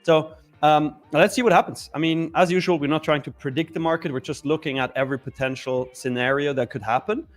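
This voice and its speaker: A man's voice: a little high, steady tone, fairly quick, faint music behind. A man co-hosting a live trading stream, giving casual market commentary and thinking aloud with fillers.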